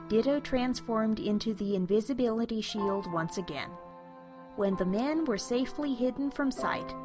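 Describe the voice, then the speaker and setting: A woman narrating a fantasy story in a steady, even reading voice. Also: medium pitch.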